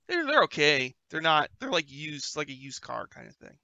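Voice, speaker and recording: A man game master narrating a tabletop game over voice chat, his voice gravelly and piercingly bright. He swings his pitch widely and talks in a loose, halting way, and the sound is dry and close. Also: very animated, dry recording, lo-fi sound. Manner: casual, halting, with many fillers. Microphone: online voice call.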